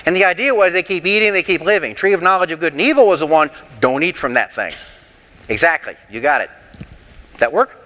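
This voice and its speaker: Bright high-voiced man teaching scripture. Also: brisk, long reverb tail. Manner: animated, rhetorical, lightly sarcastic. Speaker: pastor teaching a Bible class. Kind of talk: interactive sermon with questions. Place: church.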